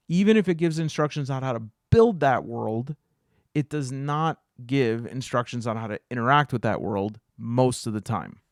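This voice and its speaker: A man talking casually to camera about solo tabletop games, animated and rambling, with many fillers and restarts and acted-out asides. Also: medium pitch, clear, resonant tone, dry recording, studio quality. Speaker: solo tabletop game video host.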